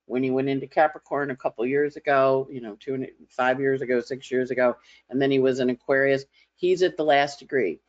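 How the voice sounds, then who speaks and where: A woman's voice: a bass voice, fairly even intonation, fairly quick. Chatty woman astrologer, lo-fi sound. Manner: chatty, conversational, mimics others in playful voices. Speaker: astrologer giving a weekly forecast. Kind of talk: casual spoken forecast. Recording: slightly dull lo-fi audio.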